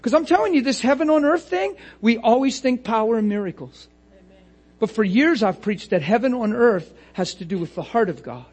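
Husky high-voiced man preaching with laughs. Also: animated, moderate pace, darkish tone. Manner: playful, laughing often, acts out voices. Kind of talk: sermon.

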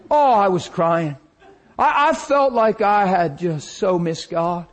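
A male preacher telling a personal testimony in a sermon, animated storytelling that acts out the scenes. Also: sits high, a little slow. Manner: animated storytelling, acting out his own crying.

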